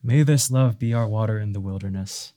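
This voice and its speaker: A man's voice: lowish voice, fairly quick, mellow. A man preaching a sermon in an earnest way, now and then rising to fervent emphasis.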